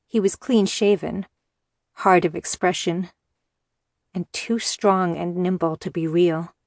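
A woman reading a first-person novel aloud in measured, steady audiobook narration. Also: on the low side, dry recording, clean studio sound.

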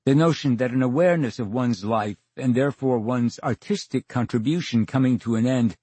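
A man's voice: medium pitch, a little fast, a little mellow, slightly rough, no echo. An older man telling stories as a guest in a radio interview, acting out the dialogue with dry wit. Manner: theatrical storyteller, acts out dialogue, wry. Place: radio studio.

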